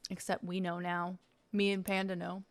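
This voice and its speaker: On a casual unboxing stream, a young woman tastes snacks while chatting, laughing and swearing a lot, often talking with her mouth full. Her voice sits on the low side with a flat delivery at a moderate pace.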